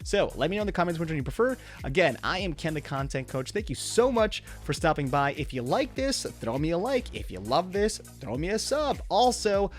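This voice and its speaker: A man hosting a casual microphone review, chatting directly to viewers while talking right into a close studio microphone. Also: a little high. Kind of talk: casual product review talk.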